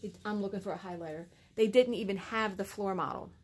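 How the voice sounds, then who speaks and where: A woman's voice: mid-range voice, fairly quick, breathy edge. A woman telling a long exasperated story in a casual vlog, acting out the quotes as she goes. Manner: animated, exasperated retelling with acted-out quotes. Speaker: cross stitch vlogger.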